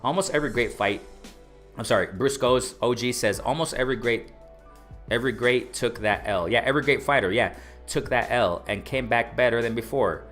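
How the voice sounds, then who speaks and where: A man hosting a casual boxing livestream, reading chat aloud and repeating himself with excitement. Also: medium pitch, fairly quick, faint music behind. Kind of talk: casual live-stream commentary.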